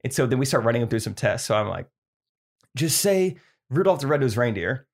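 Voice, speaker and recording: A lively young man co-hosts a podcast, telling stories in casual chat. His mid-range voice is brisk, and he's an animated storyteller who laughs often.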